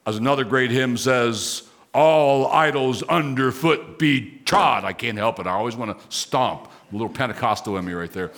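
A man preaching a sermon, moving between quiet, conversational asides and raised, emphatic declarations. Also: medium pitch, moderate pace, few pauses, a little hiss or hum. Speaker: pastor.

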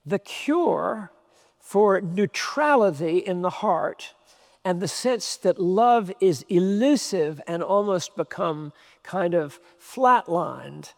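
A man's voice: sits high, vocal fry, darkish tone. A man preaching a sermon, emphatic, repeating key phrases for stress. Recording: long hall reverb.

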